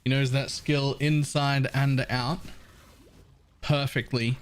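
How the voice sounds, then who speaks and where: Young male streamer; blunt, casual, curses often, talks in an ordinary mid-pitched voice. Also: flat delivery, slow pace. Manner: blunt, casual, swears freely. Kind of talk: casual gameplay commentary.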